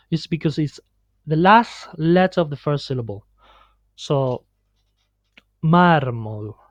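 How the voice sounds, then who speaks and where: Man teaching pronunciation, drawn-out delivery full of fillers; dull lo-fi screencast audio. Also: a little high, no room sound. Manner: slow, halting explanation with many fillers and restarts. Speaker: Spanish teacher. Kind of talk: screen-recorded pronunciation lesson. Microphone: computer mic on a screen recording.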